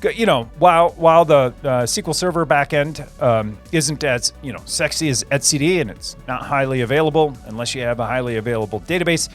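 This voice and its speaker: A man's voice: medium pitch, fairly quick, hardly any pauses, faint music behind. A man hosting a casual livestream, chatting with viewers and rambling through answers with many fillers and repeated phrases. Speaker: livestream host.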